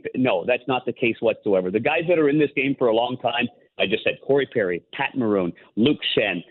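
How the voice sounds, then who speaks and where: A former goalie turned hockey analyst, a man, calling in and telling rambling anecdotes full of restarts. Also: medium pitch. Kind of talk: casual phone-in interview. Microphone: phone. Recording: tinny phone line.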